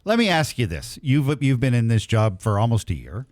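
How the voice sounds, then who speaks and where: A man's voice: medium pitch, big pitch swings, normal speed, darkish tone, dry recording, studio quality. A man hosting a morning radio interview in a conversational, easygoing way. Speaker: radio host.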